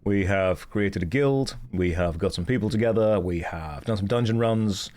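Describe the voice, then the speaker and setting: A man with a fairly low voice chats casually while streaming a game. He explains mechanics in a playful, self-mocking way. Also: normal speed, a little mellow.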